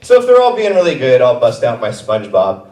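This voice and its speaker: Brisk and a little mellow, this young comic's mid-range voice swings hugely in pitch as he tells stories on a comedy theater stage and jumps into voices. A distant mic gives it a roomy theater sound.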